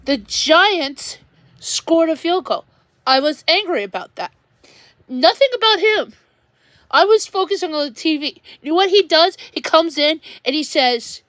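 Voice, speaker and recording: A woman venting on a livestream, rambling and halting, repeating words as she goes. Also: very high voice, animated, fairly bright tone, no echo, clean studio sound.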